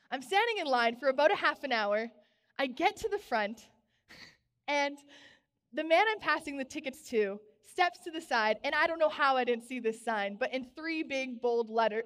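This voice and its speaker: Young woman preacher with a bright high voice, bubbly storyteller, long church reverb. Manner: bubbly storytelling, animated exclamations. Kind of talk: sermon. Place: church sanctuary.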